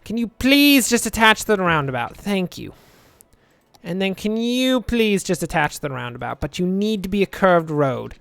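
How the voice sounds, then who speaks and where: A man's voice: sits high, big pitch swings, normal speed, vocal fry, fairly bright tone, smooth, dry recording. A young man casually commentating his gameplay, rambling and joking, muttering asides to himself at a home desk microphone. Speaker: let's play host.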